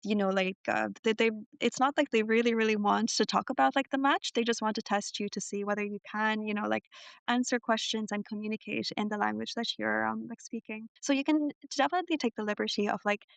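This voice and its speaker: A young woman talking as a podcast guest, relaxed and loose, with plenty of "like" and "you know". Her voice sits fairly high with a gravelly fry running through it. It is recorded dry and close. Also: brisk, dry recording. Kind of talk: casual chat.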